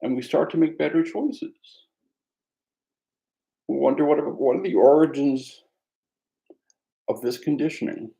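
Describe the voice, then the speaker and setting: A man teaching meditation, speaking in a reflective, conversational way with a gently self-mocking humor. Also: on the high side, unhurried, creaky, long pauses, poor audio. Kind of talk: mindfulness dharma talk.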